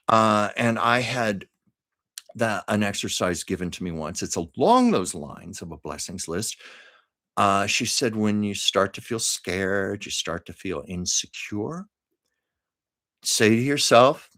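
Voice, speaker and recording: A man's voice: no room sound, clean studio sound. A man hosting a casual livestream, chatting earnestly and encouragingly with viewers as he reads their comments. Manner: earnest, encouraging, lively pitch swings. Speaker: livestream host.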